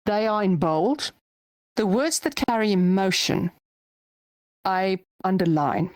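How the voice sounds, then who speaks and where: A woman from South Africa teaches a voice-over workshop at a mid pitch. Her voice sounds dry and close. She explains things conversationally and keeps checking in with "right?" and "okay?". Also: expressive, takes it slowly, darkish tone, no echo. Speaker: voice-over coach. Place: virtual reality platform session.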